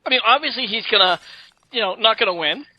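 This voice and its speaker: A man's voice: sits high, animated, quick pace, dry recording, highs cut off. A man co-hosting a casual wrestling review chat, earnest and stammering through his opinions. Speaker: co-host.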